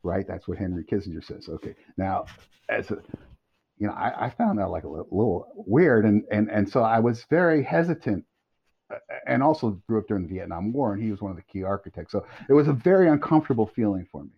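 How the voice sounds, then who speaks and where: Middle-aged male podcast guest, lively storyteller, swings pitch a lot, dull lo-fi sound. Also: fast, breathy edge. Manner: animated, laughing storyteller. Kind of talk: storytelling anecdote. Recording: dull lo-fi audio.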